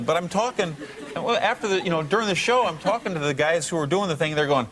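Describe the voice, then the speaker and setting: An American man, a guest musician on a talk show, telling a funny anecdote in an animated way, acting out the voices he quotes and laughing often. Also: a little high, quick pace, slight background noise. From United States.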